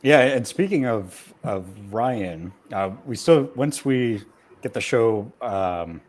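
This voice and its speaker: A man on the crew chatting casually in a meeting, easygoing and halting, with many fillers. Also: mid-range voice, animated. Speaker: crew member.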